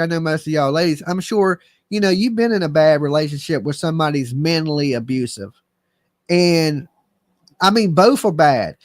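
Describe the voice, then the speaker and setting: Middle-aged male stream host, high voice, dry mic; playful, self-deprecating chat banter. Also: no room sound. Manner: goofy, self-mocking, loose slangy delivery. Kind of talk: joking live-stream chat.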